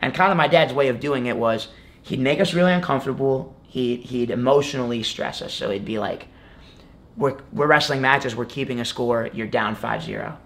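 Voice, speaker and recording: A man's voice: mid-range voice, normal speed, creaky, fairly bright tone. A young man talking casually as an interview guest, rambling with lots of fillers. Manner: rambling, many fillers like "like" and "you know". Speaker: guest, college wrestler.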